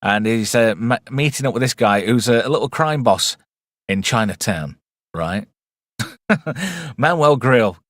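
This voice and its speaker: Man, movie reviewer, rambling and sweary, mid-pitched voice, dry close sound. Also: animated, unhurried, pauses often, fairly bright tone, no echo. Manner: rambling, irreverent, swears freely. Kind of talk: casual film commentary.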